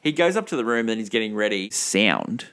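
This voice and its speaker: A man's voice: on the low side, very animated, fairly quick, fairly bright tone, smooth. A man co-hosting a casual film podcast, retelling scenes in a rambling way with many fillers. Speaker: podcast co-host.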